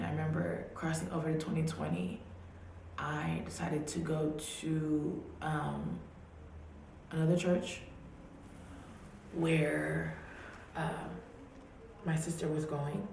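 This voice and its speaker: A low-voiced woman tells her personal story slowly, circling back over her phrases and at times sinking to a near-whisper. Her voice rings through a very echoey room, with a faint hiss underneath. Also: creaky. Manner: emotional, repeats phrases, drops to a hushed near-whisper. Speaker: vlogger. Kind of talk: personal testimony.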